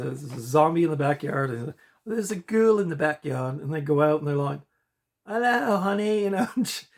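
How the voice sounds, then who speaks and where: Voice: mid-range voice, vocal fry, a little mellow. A middle-aged host talks through recent movie viewing in a loose, casual home vlog. The talk wanders and stalls often, with frequent fillers and sighs, in a mid-range voice. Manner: rambling and hesitant, many fillers and sighs. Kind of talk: casual movie review chat. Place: home apartment.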